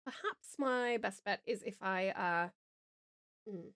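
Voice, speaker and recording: A woman's voice: mid-range voice, takes it slowly, fairly bright tone, clear, resonant tone, no room sound. An Australian woman from Tasmania chatting casually and playfully on a live stream, self-deprecating, close to a desk microphone.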